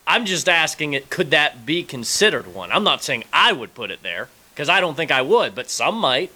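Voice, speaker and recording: Bright-voiced earnest radio co-host, man. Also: a little high, big pitch swings, moderate pace, breathy edge. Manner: hesitant, earnest. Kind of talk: casual sports talk radio.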